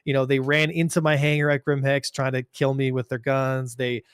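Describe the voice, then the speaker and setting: A man co-hosting a casual gaming podcast, telling stories in an animated, rambling way with many restarts. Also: mid-range voice, normal speed, smooth, no room sound, clean studio sound. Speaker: podcast co-host.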